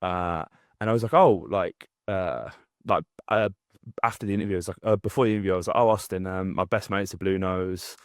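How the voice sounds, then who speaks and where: A young man rambles through a story with lots of restarts and fillers. His voice sits fairly low. The recording is dry and close, with no room sound. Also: steady tone, a little fast, clear, resonant tone, dry recording. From English Midlands. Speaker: podcast co-host. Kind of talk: casual chat.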